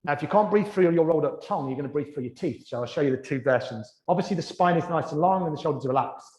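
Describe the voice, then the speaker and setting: A man leads a yoga class in a studio, his voice sitting a little high for a man. He gives gentle, encouraging cues and slows down for the breathing work. The room rings with noticeable echo. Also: animated. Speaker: yoga teacher. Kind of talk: guided yoga class instruction.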